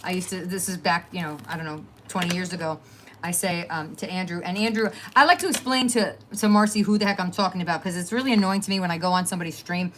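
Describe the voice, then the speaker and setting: Crafting host: middle-aged woman, low-ish voice, rambling chatty delivery to live viewers, faint hiss behind. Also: fast. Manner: rambling and chatty, trailing off with fillers. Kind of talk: casual chat to live viewers.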